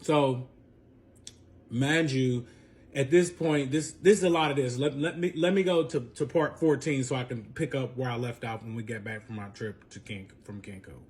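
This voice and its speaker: A man's voice: medium pitch, normal speed, slight background noise. A man casually telling a dramatic personal story to his followers, swearing freely and acting out what everyone said. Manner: profane, dramatic, animated retelling; quotes people with exasperated asides.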